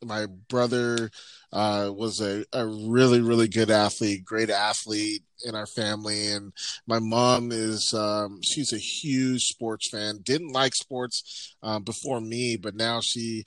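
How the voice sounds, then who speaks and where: A man in casual chat, telling animated, laughing stories about his family. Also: slow pace, no room sound. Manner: mimics others in a high voice.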